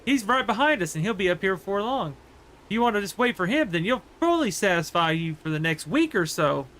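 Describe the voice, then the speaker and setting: A man's voice: high voice, very animated, fairly quick, a bit bright. A man voicing a small male billy goat who pleads and bargains with a troll, in a fairy tale retold during a livestream. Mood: pleading.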